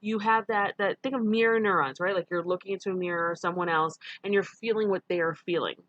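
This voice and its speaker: A woman's voice: fairly low pitch, steady tone, fast, fairly bright tone, no echo, muffled recording. Middle-aged new lady teaching a class, chatty, lots of ums, dry close sound. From New York. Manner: conversational, with frequent ums and self-corrections. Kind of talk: recorded online lecture.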